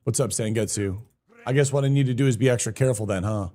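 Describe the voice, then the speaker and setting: A man's voice: mid-range voice, fast talker, dark tone. A young man live-streaming a game, chatting casually, greeting viewers by name and swearing now and then in a hyped-up way.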